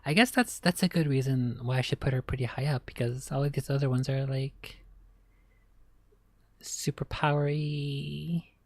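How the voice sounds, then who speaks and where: A woman's voice: rumbling low, a little fast, hardly any pauses, darkish tone, dry recording. A woman streamer chatting casually, rambling and giggly, while reacting on a close desk mic.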